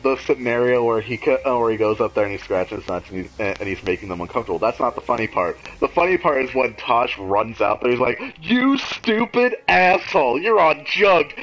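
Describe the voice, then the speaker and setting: Animated, laughing male podcast co-host. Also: mid-range voice, poor audio. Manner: animated storyteller, laughs a lot, swears. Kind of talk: casual chat.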